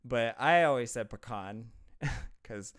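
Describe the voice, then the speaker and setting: A man's voice: medium pitch, lively intonation, moderate pace, a bit bright. A man with a Midwestern American accent from southern Ohio, chatting casually on a live stream, rambling and laughing often as he answers viewers. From southern Ohio, USA.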